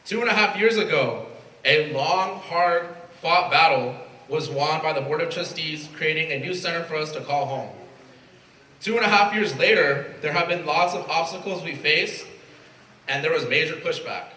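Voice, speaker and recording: A man's voice: on the high side, normal speed, sharp tone, a little hiss or hum. A young man from Mexico, the new president of a student club, giving an earnest, emotional prepared speech. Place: event space at a college. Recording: echoey room from far off, faint ambience.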